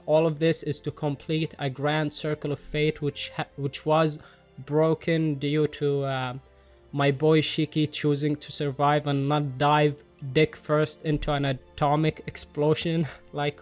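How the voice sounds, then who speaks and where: Excitable young man, slightly high voice. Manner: excitable, jokey, swears freely, self-deprecating. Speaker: manga reviewer. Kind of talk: casual commentary. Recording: faint music underneath.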